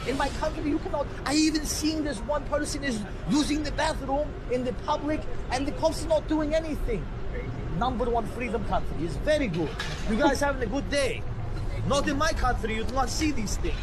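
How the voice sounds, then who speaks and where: A man's voice: very high-pitched, background noise. A man playing a wide-eyed foreign tourist amazed by America, speaking broken English and gushing about everything he sees on a city street. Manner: broken English, gushing, repeats "number one". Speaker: street prank video maker. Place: outdoors on a busy city street.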